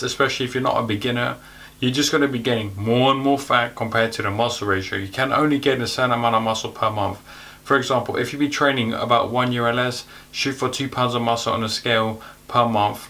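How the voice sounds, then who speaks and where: A young man talks fitness straight to the camera, loose and slangy, with a bright, forceful edge to his voice. He sounds a bit winded as he rattles through his advice. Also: mid-range voice. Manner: energetic, chatty, slangy. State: out of breath. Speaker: fitness youtuber.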